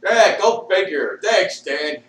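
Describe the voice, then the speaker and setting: A man rants at a slow, dragging pace and curses constantly, lurching from shouts to mutters with a fairly high voice that swings up and down. He sits well back from the mic in a bare, echoey room, and a faint hiss runs under everything. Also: animated, far from the mic. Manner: swears constantly. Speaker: vlogger. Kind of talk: rambling profane rant. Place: at home with a dog.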